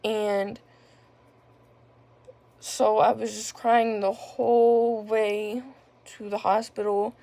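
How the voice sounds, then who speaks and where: A woman's voice: mid-range voice, little pitch movement, slow, pauses often, dark tone, dry recording. A young woman casually telling a personal story on her vlog, rambling with lots of filler words. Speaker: vlogger.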